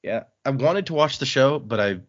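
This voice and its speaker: A man's voice: mid-range voice, lively intonation, moderate pace, highs cut off. A man co-hosting a podcast in casual chat, amused as he reads out fan comments. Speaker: podcast co-host.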